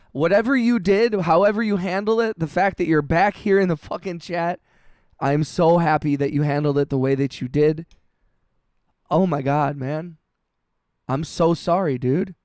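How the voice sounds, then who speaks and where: A man with a raised, clear, resonant voice chats live with his viewers, full of "bro" and "dude". He stumbles and restarts often, and swears freely. The sound is dry and close, with no room echo. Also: fairly high pitch, measured pace, a little mellow. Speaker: livestreaming music producer. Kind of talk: casual livestream chat, reading chat messages.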